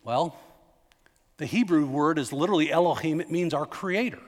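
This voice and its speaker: A man's voice: a little high, normal speed. A middle-aged male pastor preaching a sermon in a conversational, emphatic way, turning to the congregation with asides and questions. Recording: long hall reverb.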